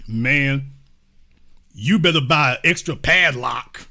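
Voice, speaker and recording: A man's voice: high voice, sing-song, moderate pace, pushed and bright. A man hosting a live-streamed commentary show, joking with his chat and acting out little scenes in slangy casual talk.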